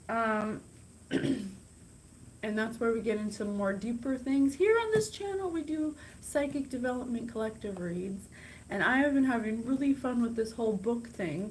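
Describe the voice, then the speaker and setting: A woman hosting a psychic channel, talking casually and excitably straight to her viewers. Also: fairly high pitch, a little hiss or hum, low-quality recording. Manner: chatty, bubbly, gushing and excitable. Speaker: psychic podcast host. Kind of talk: casual direct-to-camera talk.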